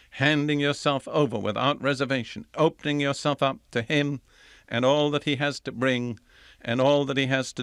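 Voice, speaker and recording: An older man teaching from the Bible in a measured, emphatic sermon style, reading scripture aloud and explaining it. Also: medium pitch, a bit bright, clear, resonant tone, dry recording, studio quality.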